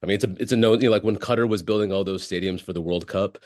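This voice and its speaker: A man's voice: low voice, racing, darkish tone, dry recording, studio quality. A man, a comedian telling stories in a casual interview, full of likes and restarts. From United States. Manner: rambling storyteller, many likes and restarts. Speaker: comedian guest.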